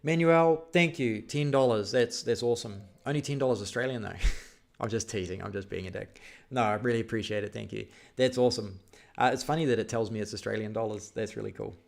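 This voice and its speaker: Gravelly man chatting on a live stream. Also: fairly low pitch, brisk. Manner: reads viewer questions aloud, rambling with fillers. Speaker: vlog host answering live chat. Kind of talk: casual live-stream chat.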